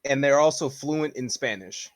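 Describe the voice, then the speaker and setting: A young man co-hosting a podcast, telling a story in a relaxed way and swearing casually. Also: medium pitch, moderate pace, dry recording.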